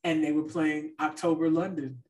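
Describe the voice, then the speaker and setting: A woman's voice: low-pitched, fairly even intonation, moderate pace, darkish tone, distant mic. A woman co-hosting a podcast in casual chat, talking loosely with fillers and trailing off. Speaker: podcast co-host.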